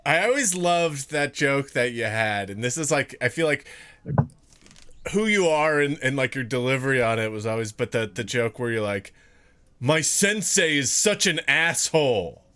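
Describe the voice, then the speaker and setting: A man in a casual comedy chat, enthusiastic and halting, laughing as he recalls old stories. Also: medium pitch, fairly bright tone, clear, resonant tone.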